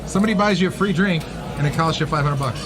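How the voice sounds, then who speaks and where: A man co-commentating on live poker, reacting to the action with excitable quick remarks. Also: a little high. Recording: loud crowd noise behind.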